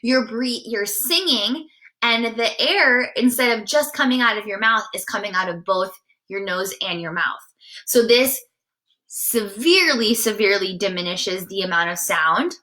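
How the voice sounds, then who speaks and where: Bright-voiced woman teaching singing. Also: mid-range voice, expressive, measured pace. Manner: chatty, encouraging, often checks in with "right?"; demonstrates sighs and nasal sounds mid-explanation. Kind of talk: live-streamed singing lesson.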